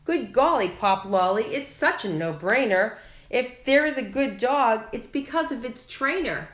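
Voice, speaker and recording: A woman's voice: on the high side, expressive, unhurried, a bit bright, echoey room, pitched above the performer's own voice. A woman voicing an emphatic, bossy cat mother who scolds dramatically in a storybook.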